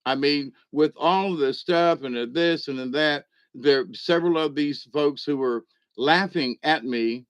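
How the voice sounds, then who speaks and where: A man's voice: fairly high pitch, unhurried, smooth, no room sound. A man telling a rambling comic story in a casual way, chuckling and acting out other people's voices as he goes. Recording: dull lo-fi dry recording.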